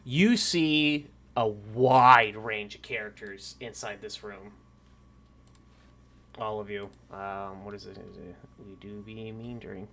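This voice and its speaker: A man's voice: on the low side, steady tone, slow pace, sharp tone, a little hiss or hum. Casual rambling male game master. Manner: casual and rambling, many fillers and restarts, swears freely. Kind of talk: narrating a tabletop game.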